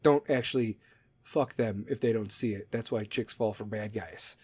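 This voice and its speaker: A man's voice: lowish voice, normal speed, darkish tone, slightly rough. A man in his thirties hosting a podcast, talking in a blunt, profane, rambling monologue that drifts off on tangents. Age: 30s. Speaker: podcast host.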